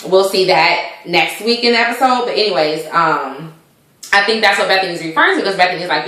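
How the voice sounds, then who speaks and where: A woman's voice: fairly low pitch, lively intonation, a little fast, pushed and bright. A woman casually recapping a TV episode in a rambling way, full of fillers and asides. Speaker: TV show recap vlogger. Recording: very echoey room.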